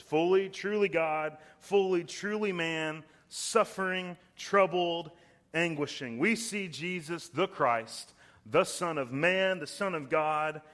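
A young man delivers a sermon in a fairly high voice. He is emphatic, slows down to stress key words, and briefly puts on voices when he quotes someone. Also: a bit bright. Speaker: preacher.

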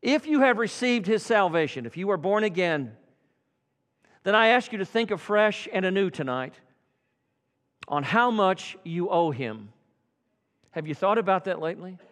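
Man, preacher, evening sermon, high voice, loud-to-hushed swings, long hall reverb. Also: animated, normal speed, long pauses. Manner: dramatic swings from loud fervor to hushed tones. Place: church sanctuary.

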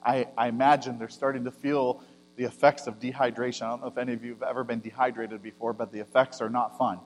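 A male pastor giving a conversational sermon, rising to loud emphasis and dropping to quiet asides. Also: mid-range voice, level tone, fast. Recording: long hall reverb with mains hum.

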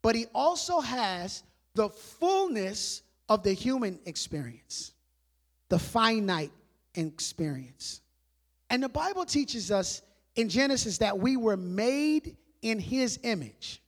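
A high-pitched man preaching to a church, talking like a conversation. He fires off rhetorical questions, then drops his voice low and soft to stress a point. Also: sing-song, slow pace. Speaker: pastor. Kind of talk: sermon.

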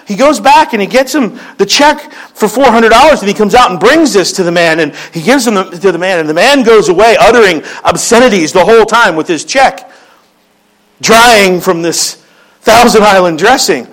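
High-voiced preacher, joking. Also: male voice, animated, moderate pace, a bit bright, rough recording. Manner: joking, conversational storytelling. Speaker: pastor. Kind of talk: sermon.

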